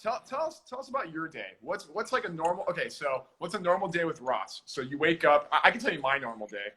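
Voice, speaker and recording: A man guesting on a casual live-stream chat, talking easygoingly with halting restarts. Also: fairly high pitch, sing-song, sharp tone. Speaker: guest, drummer. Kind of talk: casual video-call chat.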